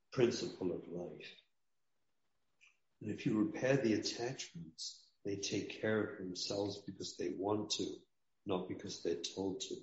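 A man's voice: deep voice, a little mellow. A man speaking as a rabbi in an interview, earnest and preaching, often repeating his key lines. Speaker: rabbi and parenting guest. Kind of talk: emotional interview talk. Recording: dull roomy sound.

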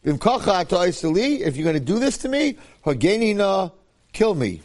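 Animated man teaching a Torah class. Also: high voice, a little fast. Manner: animated, acts out quotes, repeats phrases.

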